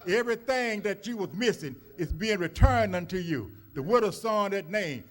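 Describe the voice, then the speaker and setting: A man's voice: sits high, animated, normal speed. A man preaching a sermon as a minister, telling stories in a folksy way with many fillers and rising emphasis. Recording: church service recording.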